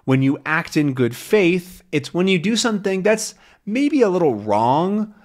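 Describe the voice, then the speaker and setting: Slow patient guy teaching english with a comic, lively pitch. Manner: slow, patient, clear explaining. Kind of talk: explaining a comic to learners.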